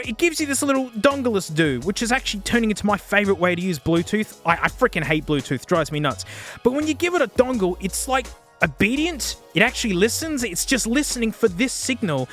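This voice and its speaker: Chatty Australian man reviewing headphones. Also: high voice. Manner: chatty, slangy, excitable. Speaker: tech reviewer.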